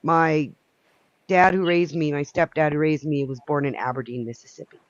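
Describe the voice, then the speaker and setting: A man's voice: fairly high pitch, steady tone, moderate pace, no echo, highs cut off. A man in casual conversation, talking hesitantly and trailing off. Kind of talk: casual chat.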